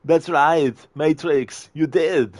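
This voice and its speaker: A man putting on a strained, higher-pitched voice for a frightened, cornered henchman. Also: steady tone, takes it slowly, a little mellow, no room sound, clean studio sound. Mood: scared.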